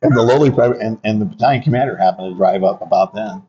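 An older man with a low, mellow, warm voice recalls his Army years in an unhurried, anecdotal way. He pauses often and restarts phrases as he talks. The audio is dull and lo-fi. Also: slight background noise. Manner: reflective, anecdotal, many fillers and restarts. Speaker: Army veteran guest. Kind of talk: conversational interview storytelling.

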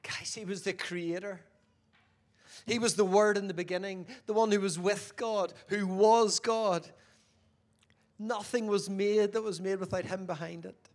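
Brief: a man delivering a sermon, fairly high voice, engages listeners with questions, shifts from forceful to hushed. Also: steady tone, normal speed. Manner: questions the audience, swings between loud emphasis and quiet. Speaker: preacher.

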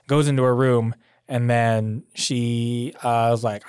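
A man's voice: mid-range voice, flat delivery, a little slow, a little mellow, clean tone, no echo, studio quality. A man chatting casually as a podcast co-host, swearing freely and laughing often. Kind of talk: casual recap chat.

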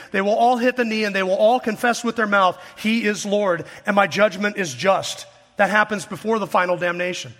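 A man's voice: high voice, a bit bright, big-room sound. A man preaching an expository sermon, reading scripture aloud and pressing his points with earnest rhetorical questions. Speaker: pastor.

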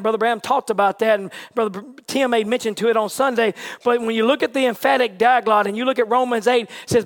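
Man, very high voice, sermon, hushed whispers to shouted peaks, folksy. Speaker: preacher.

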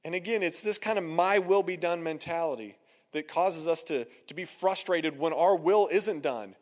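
Man, pastor, conversational sermon, quotes people in their own voices, high-pitched, echoing hall. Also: moderate pace. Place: church hall.

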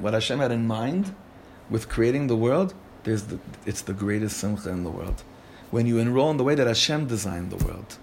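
Animated man teaching a Torah class. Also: fairly low pitch, slight background noise. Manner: animated, asks the group questions, many restarts.

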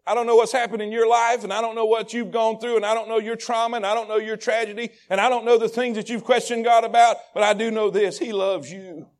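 A man preaching a sermon. He repeats phrases in a rhythmic build and swings between hushed, intimate lines and shouted peaks. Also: sits high, little pitch movement, fast, hardly any pauses. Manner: repetitive, rhythmic delivery. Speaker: pastor.

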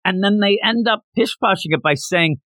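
Male podcast host, slightly high voice, expressive storyteller, casual manga chat. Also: moderate pace, no room sound. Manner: animated, acts out characters while retelling.

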